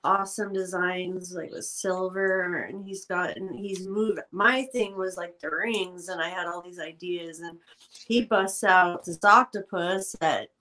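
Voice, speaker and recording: A woman co-hosting a relaxed livestream, speaking in a plain everyday voice. She gushes with enthusiasm, piling one idea on another. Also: lowish voice, unhurried, rough recording. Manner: enthusiastic, gushing. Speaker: co-host. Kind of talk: casual livestream chat.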